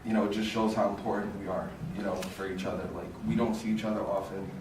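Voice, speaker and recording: A young man giving an informal memorial speech as a fraternity brother, halting and full of fillers like "like" and "you know". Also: fairly low pitch, little pitch movement. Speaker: eulogy speaker, fraternity brother. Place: large echoey hall at a memorial. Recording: echoey hall, distant voice, room noise.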